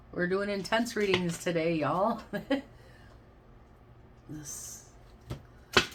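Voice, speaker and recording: Woman, low-pitched, tarot reader; casual and effusive, talks straight to her viewers. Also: very noisy. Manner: chatty and effusive, addresses listeners as babes and y'all.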